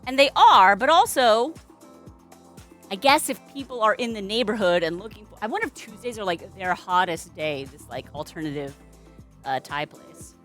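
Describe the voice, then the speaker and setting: A woman's voice: mid-range voice, lively intonation, moderate pace, fairly bright tone, faint music behind. A young adult woman streaming live at home, chatting casually with a playful, sing-song manner. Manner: playful, sing-song baby talk to her cat. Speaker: streamer and balloon artist.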